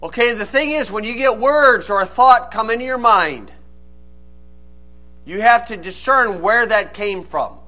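A man's voice: sits high, expressive, a little slow, pushed and bright. A man preaching a sermon, reading old scripture aloud and then explaining it in plain, folksy asides. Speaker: pastor.

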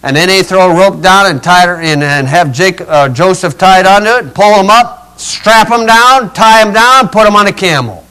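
An older male preacher retelling a scripture story in a folksy, dramatic way, swinging between loud rises and quiet drops. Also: high voice, expressive, normal speed, few pauses, clean tone, poor audio. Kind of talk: storytelling sermon.

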